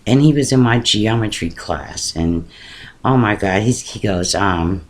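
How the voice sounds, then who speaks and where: Slow, halting woman telling a story. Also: very deep voice, animated. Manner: halting, repeats words while searching for them. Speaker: vlogger. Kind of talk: casual personal storytelling.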